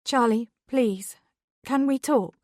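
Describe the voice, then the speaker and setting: A woman voices a frightened mother pleading with her husband in a raised, emotional voice. Her higher pitch sits above her own natural voice yet stays close to everyday speech, slightly mellow at normal speed, recorded clean in a studio with no room sound.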